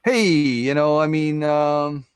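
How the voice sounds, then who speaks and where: A man tells a folktale on a live stream in a loose, rambling way, checking in with his listeners constantly. His voice is clear and smooth, recorded up close with a dry sound. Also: fairly high pitch, takes it slowly, no room sound. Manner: rambling, filler-heavy, keeps asking "right?".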